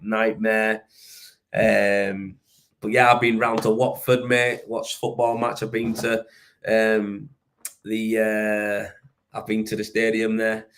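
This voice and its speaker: A man's voice: fairly low pitch, fairly bright tone. Laughing Yorkshire man in casual banter. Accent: Yorkshire English. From Yorkshire, England. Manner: banter-heavy, laughing often, slang and swearing. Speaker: host. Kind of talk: casual chat.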